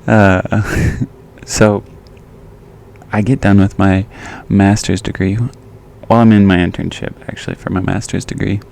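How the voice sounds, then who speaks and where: A man's voice: on the low side, level tone, measured pace, creaky, a little mellow. A young man from the Midwest hosting a casual solo podcast, joking and laughing at himself and going off on tangents. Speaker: podcast host.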